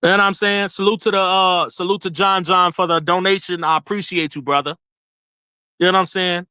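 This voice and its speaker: Man, young adult, livestream rant, bright, dry close mic. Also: sits high, fairly quick, clean tone, dry recording. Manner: animated, laughing, swearing, repeats himself. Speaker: livestream host.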